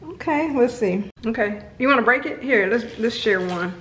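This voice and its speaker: A woman's voice: a little high, expressive, normal speed, fairly bright tone. A woman filming a casual home vlog, chatting playfully with her kids and dog. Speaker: vlogger. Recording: echoey room with faint noise.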